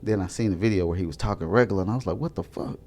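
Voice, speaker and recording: A man's voice: deep voice, very fast, dark tone. A young man in his twenties chatting casually at home into a desk mic, joking loosely, laughing often, and using a lot of slang. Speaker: vlogger. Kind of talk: casual rambling chat.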